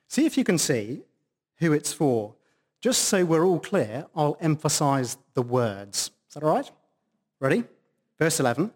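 A man's voice: fairly high pitch, sing-song, moderate pace. A man preaching a sermon at a church service, stressing key words for emphasis.

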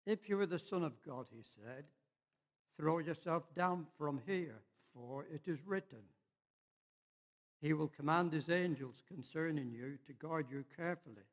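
A man giving a measured, unhurried Bible reading in church. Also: a little high, in a large hall. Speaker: scripture reader.

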